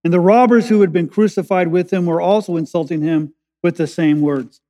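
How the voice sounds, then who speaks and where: The sermon comes from a male pastor whose high voice has a dark tone and fairly even intonation, ringing through a church. He stresses key phrases with slow pauses, rises into urgency as points build, and his words dissolve into long hall reverb.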